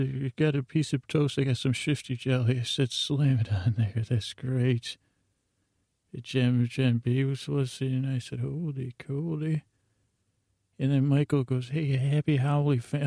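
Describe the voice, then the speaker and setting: A man hosting a bedtime podcast, telling a meandering, drowsy run of offbeat listener shout-outs. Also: mid-range voice, dry recording. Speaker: podcast host. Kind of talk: rambling bedtime podcast storytelling.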